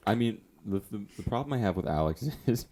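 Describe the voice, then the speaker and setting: Dude on a podcast, low voice but bouncy, noisy mic with clicks. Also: male voice, brisk. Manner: animated, laughing banter. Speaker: podcast co-host. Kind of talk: casual chat.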